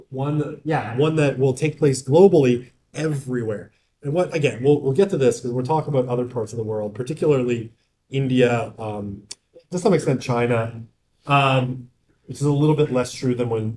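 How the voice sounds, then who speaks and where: A man's voice: mid-range voice, normal speed, dark tone. A man giving a casual university lecture in a classroom. He keeps checking in with the class by asking "right?" and drifts into joking asides.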